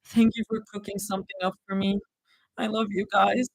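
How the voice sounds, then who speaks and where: A woman reading aloud, putting on a fragile young woman who speaks softly and croakily, her words trembling. The voice sits close to the mic and sounds dry. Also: medium pitch, little pitch movement, fairly quick, no echo, low-quality recording.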